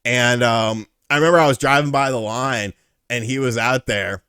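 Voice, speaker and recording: A man hosting a casual interview, telling stories in an animated, profane way. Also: medium pitch, moderate pace, clean tone, no echo, clean studio sound. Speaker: host.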